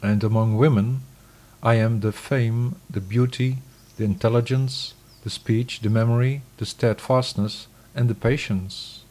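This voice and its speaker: A man giving a scripted scripture reading in a measured, solemn, declamatory way. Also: medium pitch, fairly even intonation, a little mellow.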